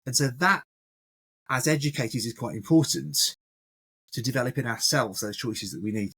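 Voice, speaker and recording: A man's voice: mid-range voice, moderate pace, husky. A man, a maths educator, talking animatedly in a casual podcast discussion. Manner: animated, acts out classroom examples.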